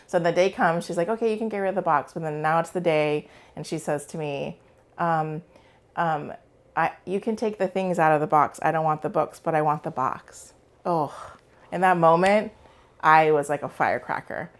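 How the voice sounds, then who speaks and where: Low-voiced woman psychologist telling a story. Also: moderate pace. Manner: animated storyteller, many fillers. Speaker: psychologist guest. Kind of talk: casual storytelling interview.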